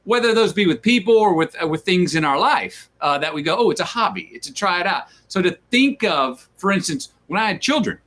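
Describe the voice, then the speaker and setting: Animated storytelling man, slightly high voice. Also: fairly quick, few pauses. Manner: animated storyteller who acts out quoted voices. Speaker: interview guest. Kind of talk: casual conversation.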